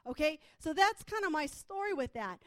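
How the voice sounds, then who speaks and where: Woman, fairly high voice, dry close sound, chatty testimony, lots of fillers and restarts. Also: big pitch swings, moderate pace, no echo. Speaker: prophetic minister. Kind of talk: personal testimony.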